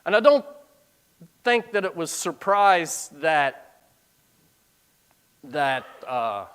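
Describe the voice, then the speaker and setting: A middle-aged man preaches with a lively, swooping delivery, his pitch rising and falling as he reads. He moves between formal scripture reading and plain, conversational asides, in a voice set a little higher than most men's. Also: drawn-out words, long pauses, smooth. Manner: animated, breaks into plain-spoken asides between archaic scripture. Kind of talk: sermon, reading and explaining scripture.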